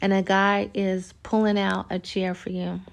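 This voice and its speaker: A woman hosts a casual podcast in a relaxed, conversational way, with a gravelly fry running through her voice. She talks straight to the listener and slips into short acted-out scenes to make her point. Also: mid-range voice, unhurried. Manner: conversational, animated, acts out little scenes. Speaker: podcast host. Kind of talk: casual podcast monologue giving dating advice.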